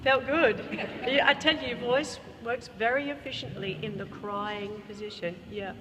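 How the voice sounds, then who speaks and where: A woman's voice: a little high, steady tone, normal speed. An Australian woman leading a choir workshop, explaining vocal technique and singing short examples. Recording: reverberant hall, faint room noise.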